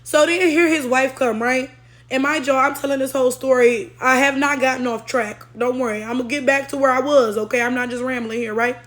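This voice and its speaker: A woman's voice: sits high, fairly even intonation, brisk, a bit bright. A woman telling a story in a casual rant, blunt and heavily profane, often checking in with tag questions. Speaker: storytelling vlogger.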